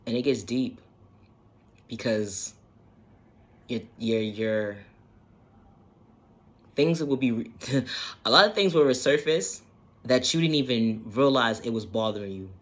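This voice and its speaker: In an animated, mid-range voice, a self-help vlogger talks a little slowly with long pauses. He delivers a casual, earnest motivational monologue on self-healing, repeating his points and swearing now and then.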